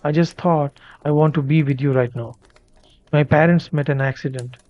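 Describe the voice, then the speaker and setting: A woman's voice: sits low, steady tone, normal speed, lightly acted. A man voicing a distraught, rain-soaked young woman who asks urgent, pleading questions in a narrated story. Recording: dull lo-fi dry recording.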